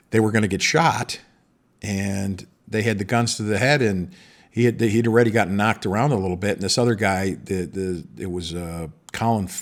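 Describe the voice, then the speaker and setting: A middle-aged man hosting a podcast, talking in a rambling monologue with many restarts. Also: fairly low pitch. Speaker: podcast host. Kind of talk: casual monologue.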